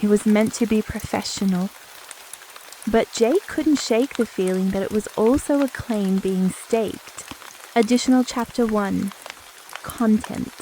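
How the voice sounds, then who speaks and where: A woman narrating a spicy romance sleep story in a calm, even reading voice. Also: medium pitch, a little slow, slight background noise, low-quality recording.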